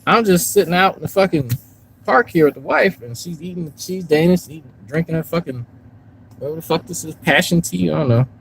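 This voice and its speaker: A man with a slightly high voice rambles loosely through a casual live stream, swearing freely and talking straight to his viewers. Faint outdoor noise hangs behind him, and his level drifts as he moves around. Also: brisk, creaky, low-quality recording. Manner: rambling, profane, loose, talks to chat. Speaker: YouTube commentary streamer. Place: outdoors in a park, then in a parked car.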